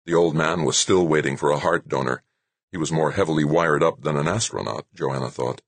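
A man narrating an audiobook in an expressive storytelling manner. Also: rumbling low, a little fast, breathy edge, no echo.

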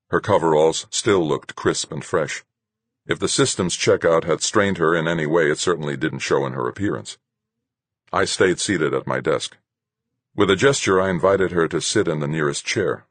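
A man reading a first-person science fiction audiobook in a measured, steady way, close to a studio mic. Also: rumbling low, no room sound. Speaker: audiobook narrator.

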